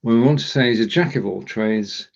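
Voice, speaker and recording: Man, middle pitch, jokey learner, casual live lesson, dull lo-fi audio. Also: brisk, gravelly. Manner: jokey, stumbling through German phrases. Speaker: co-host and learner.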